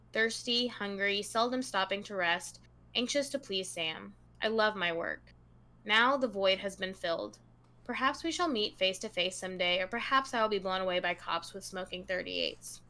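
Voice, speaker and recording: Bright-voiced woman podcast host. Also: mid-range voice, moderate pace. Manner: reads long passages aloud to a co-host in a casual tone. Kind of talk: true crime podcast chat.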